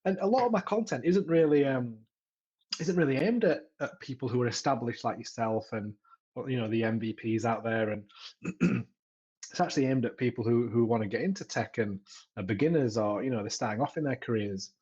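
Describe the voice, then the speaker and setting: Chatty Yorkshire man, husky and muffled. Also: medium pitch, brisk, darkish tone. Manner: chatty, frequent restarts and repeated words. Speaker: podcaster and tech content creator. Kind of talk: casual podcast chat.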